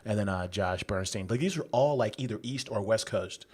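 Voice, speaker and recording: A man's voice: on the low side, brisk. A man co-hosting a casual beer podcast, rambling and upbeat, talking in loose restarts. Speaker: podcast co-host. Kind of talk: casual chat.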